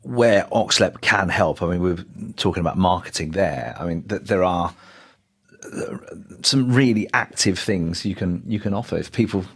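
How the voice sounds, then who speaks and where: Male podcast host, low, raspy voice, tentative prompts. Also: moderate pace. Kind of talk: podcast interview.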